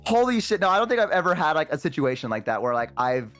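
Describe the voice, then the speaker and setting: Young guy rambling n swearing, super bouncy pitch, faint music under it. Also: fast, clean tone. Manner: rambling, swears a lot, lively impressions. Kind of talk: casual chat.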